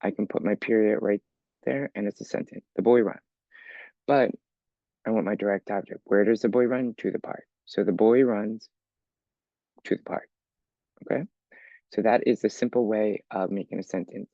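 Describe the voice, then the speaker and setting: A man's voice: fairly low pitch, steady tone, normal speed, gravelly, long pauses, warm tone, dry recording, highs cut off. A man teaching an English lesson for learners, explaining patiently step by step and often checking with "okay?". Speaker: ESL teacher.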